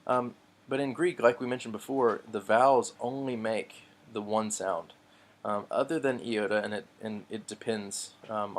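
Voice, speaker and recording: Man, low voice, patient teacher, spelling out letters, casual lesson with ums. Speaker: Bible Greek teacher.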